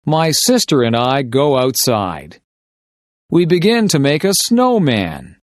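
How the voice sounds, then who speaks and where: A man reading simple short stories slowly and deliberately for English shadowing practice. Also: medium pitch, very animated, no room sound, studio quality. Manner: deliberate, carefully paced reading of short sentences. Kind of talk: slow scripted story reading for shadowing practice.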